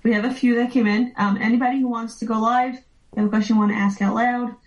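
Woman, moderator, casual, ums, slightly high voice, dull lo-fi audio. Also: steady tone, fast. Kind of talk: online Q&A moderation.

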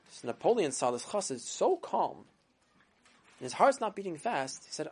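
A woman's voice: low-pitched, very animated, moderate pace, a little mellow, slightly rough. A woman telling a story to children, dramatic and full of acted voices. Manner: dramatic, with sound effects and voices. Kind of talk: animated storytelling.

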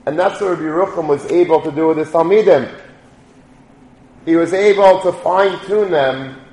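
Brief: middle-aged male rabbi, informal storyteller, slightly high voice, roomy echo. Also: normal speed. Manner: animated, informal storytelling with Yiddish and Hebrew terms. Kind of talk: storytelling talk. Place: lecture room. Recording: echoey room.

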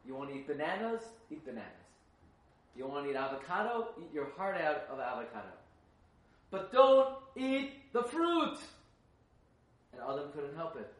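A man's voice: medium pitch, lively intonation, fast. A man giving a sermon as a rabbi, asking emphatic rhetorical questions and rising into fervent chanting of texts. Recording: echoey, from a distance.

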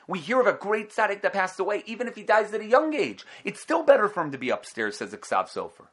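A man teaching a Torah class in an animated way, asking rhetorical questions and answering them. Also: fairly high pitch.

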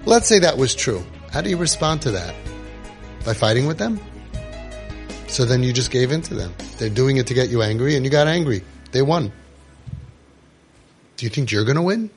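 Gravelly, impassioned man preaching. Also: medium pitch, normal speed, long pauses, faint music behind. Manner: animated, preaching, rhetorical questions, Yiddish and Hebrew terms. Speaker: parenting organization speaker. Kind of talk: impassioned monologue.

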